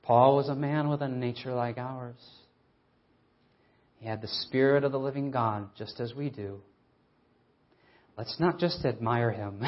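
A male preacher delivers an earnest, emphatic sermon, leaning on rhetorical questions. He slows right down to stress the verses he reads. The recording sounds a little dull and lo-fi, as if taped in church. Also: medium pitch.

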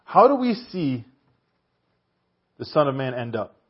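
A man preaching a sermon in a conversational, animated way, sometimes dropping to a hushed softness. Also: medium pitch, a little slow, slightly rough. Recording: dull, lo-fi church recording.

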